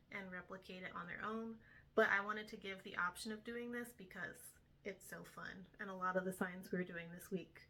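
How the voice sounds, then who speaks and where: A woman's voice: mid-range voice, sharp tone, slight background noise. A young woman, a homeschool tutor, casually explaining her week's lessons step by step with frequent ums. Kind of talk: casual instructional talk to camera.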